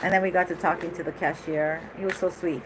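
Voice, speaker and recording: Woman tarot reader, lowish voice, rambling and chatty, noisy recording. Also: fast talker. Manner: chatty, animated, laughs often, rambling asides. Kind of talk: casual tarot reading.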